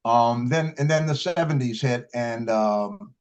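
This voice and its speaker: An older man speaks in an easygoing, rambling storytelling manner, doubling back on his words and filling pauses with ums and uhs. His voice sits at an ordinary middle pitch. The recording sounds a little dull and lo-fi. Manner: rambling storyteller with many restarts and fillers. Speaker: interviewed blues harmonica player. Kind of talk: casual interview.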